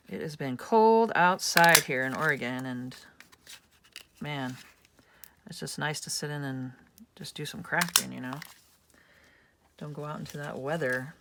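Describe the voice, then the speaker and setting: A woman's voice: deep voice, vocal fry, very noisy. A woman hosting a casual craft tutorial, chatting and thinking aloud as she works at home. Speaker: craft channel host.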